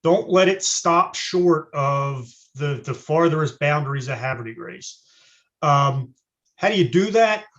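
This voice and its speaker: Man, city candidate, fairly high voice, measured, hesitant, lots of uhs, dull lo-fi call audio. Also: lively intonation, fairly bright tone. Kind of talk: forum answer over video call.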